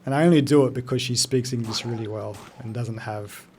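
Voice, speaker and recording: A man's voice: medium pitch, brisk, background noise. A man in his thirties chatting casually while streaming a game, loose and joking, answering his chat. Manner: loose, joking, sweary, talks to chat between game moments.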